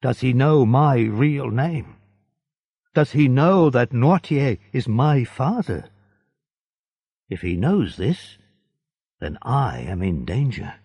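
Strict judge guy, bossy n secretive, husky dry voice, man doing it. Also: mid-range voice, big pitch swings, slow pace, pauses often, mellow, no echo, full character voice. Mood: fearful. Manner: commanding, clipped orders. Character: male judge, stern and secretive.

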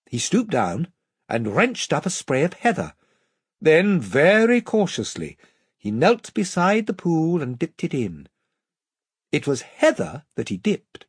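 Breathy expressive storybook narrator. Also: a little slow, no room sound, clean studio sound. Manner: expressive, shifting pitch for each character. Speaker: audiobook narrator.

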